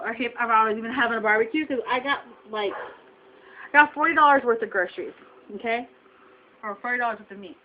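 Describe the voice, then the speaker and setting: Young woman vlogger, higher voice, indignant venting, dull webcam sound with faint hiss. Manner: indignant, emphatic storytelling. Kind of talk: venting to camera.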